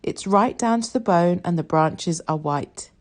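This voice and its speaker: A woman reading a novel aloud in the first person, soft and reflective. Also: lowish voice, unhurried. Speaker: audiobook reader.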